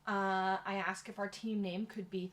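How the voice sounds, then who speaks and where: A woman's voice: medium pitch, level tone. Thoughtful woman youth pastor. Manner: thoughtful, reflective, measured. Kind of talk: casual interview conversation.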